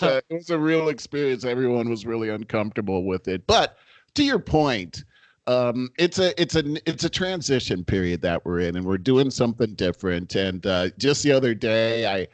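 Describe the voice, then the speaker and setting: A man's voice: medium pitch, lively intonation, moderate pace, no room sound. A middle-aged man co-hosting a podcast, telling anecdotes in casual chat and chuckling through his stories. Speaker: podcast co-host. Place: home in Los Angeles.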